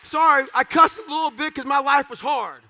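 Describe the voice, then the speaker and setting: A man's voice: very high voice, fairly quick, bright, forceful tone, a little hiss or hum. A man giving a motivational speech, telling his story in blunt, clipped phrases with profanity and self-mocking humor. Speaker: motivational speaker.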